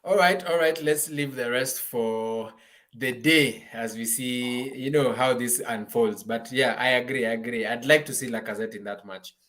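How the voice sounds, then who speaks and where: A man's voice: mid-range voice, moderate pace, a bit bright. A man hosting a casual fantasy football panel who teases the others and steers the talk between topics. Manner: teasing, leads the discussion. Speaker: fantasy football show host.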